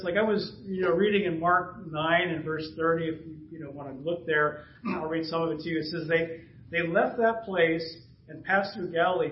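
A man in his fifties, a pastor preaching a conversational sermon, chuckling and acting out bits of dialogue. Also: a little high. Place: church sanctuary. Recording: roomy, distant, dull church recording.

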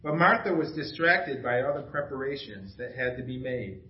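A man's voice: medium pitch, animated, normal speed, a little hiss or hum. Enthusiastic male pastor in echoey church. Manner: casual and enthusiastic, storytelling with laughs. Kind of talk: sermon. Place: church sanctuary. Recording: echoey dull church recording.

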